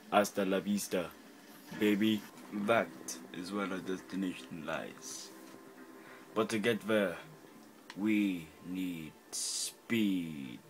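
A man putting on a hammy fake accent to play a solemn male guerrilla hero, narrating in a slow, stiff, mock-dramatic way for a game video. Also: lowish voice, a little hiss or hum, low-quality recording.

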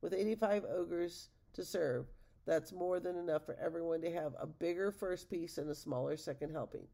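A woman reading the lines of a capable, cheerful girl cook from a storybook, in a gravelly voice. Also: on the low side, moderate pace, warm tone.

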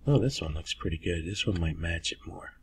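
A man hosting a casual screen-recorded software tutorial, folksy and chatty with lots of "okay"s. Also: deep voice, lively intonation, fairly quick, husky. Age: older. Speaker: tutorial host.

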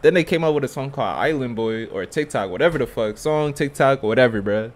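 A man's voice: mid-range voice, lively intonation, brisk. A young man hosting a YouTube reaction video, talking casually in heavy slang with blunt, scornful remarks. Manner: slangy, keeps tagging lines with "feel me".

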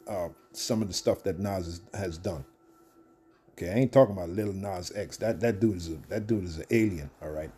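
A man's voice: on the low side, warm tone, slightly rough. A man in his fifties ranting to camera in a combative, rambling way, with frequent stammered restarts as he talks through a video. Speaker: video commentator. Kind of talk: casual rant to camera.

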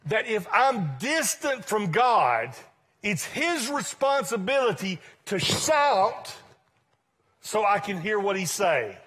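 A male pastor preaching a sermon to his congregation in a church, conversational and emphatic, swinging from loud points to quiet asides. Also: high-pitched, breathy edge.

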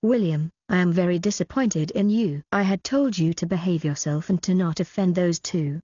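A woman voicing a stern, deadpan king. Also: fairly low pitch, normal speed, breathy edge, no echo. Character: stern aging male king, commanding. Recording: dull lo-fi audio.

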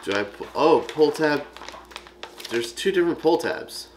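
A man's voice: fairly high pitch, expressive, a little slow, slight background noise. Offhand rambling man chatting to camera. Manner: rambling, offhand, swears casually. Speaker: coffee review vlogger. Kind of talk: casual chat to camera. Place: at a desk with a monitor, indoors. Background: faint background music.

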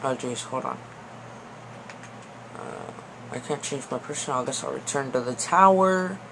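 A young man giving excitable, panicky commentary over a fighting game, pleading and yelling at it. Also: medium pitch, measured pace, gravelly. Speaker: gaming video host. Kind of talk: gameplay commentary. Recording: noisy background.

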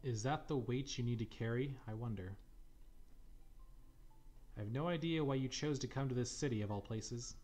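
A man reading the lines of a weary old ship captain in a fan game, giving slow, earnest advice. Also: medium pitch, a little mellow, close to an everyday voice. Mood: reflective.

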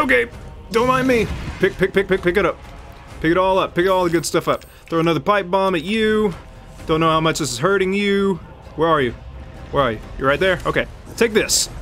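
A man giving chatty, excitable let's play commentary, yelping and laughing while he talks to the enemy on screen. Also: high voice, brisk, faint music behind. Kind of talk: live gameplay commentary.

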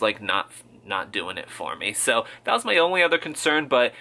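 Campy guy gushing about a movie on his vlog, bright edgy voice, swears a lot. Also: medium pitch, very animated, normal speed, creaky. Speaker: video blogger. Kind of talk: casual movie reaction vlog. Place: at home.

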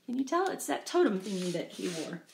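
A woman's voice: medium pitch, sing-song, fairly quick, creaky, slight background noise. A middle-aged woman chatting casually as she shows off her craft supplies, self-deprecating and laughing often, recorded at home. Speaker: craft vlogger showing cross-stitch supplies. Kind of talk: casual rambling show-and-tell. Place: home room. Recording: echoey home room.

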